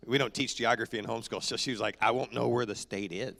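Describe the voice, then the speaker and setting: A man leading a casual church welcome, joking and chatting in an easy, unhurried way. He sounds like a down-to-earth pastor speaking to his own congregation in the sanctuary. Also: mid-range voice, steady tone, vocal fry, fairly bright tone.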